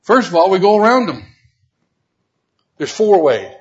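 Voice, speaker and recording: With a high voice, big pitch swings and a measured pace, a preacher gives a Bible lesson, putting questions straight to his listeners. He grows emphatic and climbs into loud repeated exhortation, heard through a dull, lo-fi recording.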